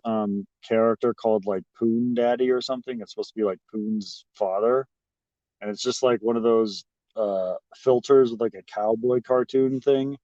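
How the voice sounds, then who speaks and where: A man's voice: medium pitch, fairly even intonation, normal speed, mellow, no room sound. A man talking casually to his livestream chat, rambling and mocking with lots of swearing. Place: at a restaurant. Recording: dry, slightly dull audio.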